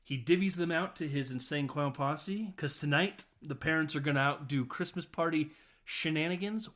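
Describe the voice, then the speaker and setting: A man hosting a podcast, retelling a film in a casual, laughing way with frequent swearing and quick voiced quotes. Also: on the high side, fairly bright tone. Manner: swears freely, laughs often. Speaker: podcast host.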